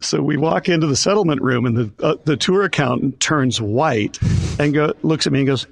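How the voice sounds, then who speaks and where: A man's voice: mid-range voice, brisk, vocal fry, no room sound. An older man, a concert promoter, telling stories in an interview and acting out the voices of people he quotes. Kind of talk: storytelling in an interview.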